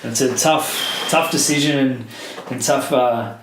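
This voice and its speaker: A man's voice: mid-range voice, measured pace. A man hosting a podcast, chatting casually, agreeing often and swearing freely. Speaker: podcast host. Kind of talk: casual chat. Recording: echoey room with faint noise.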